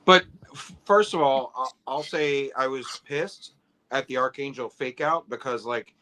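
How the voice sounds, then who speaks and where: A man with a bright, forceful voice, co-hosting a casual toy talk livestream. He lays out his opinions on figure sculpts in detail, thinking out loud as he goes. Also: medium pitch, measured pace. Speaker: toy collecting livestream co-host. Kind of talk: casual chat.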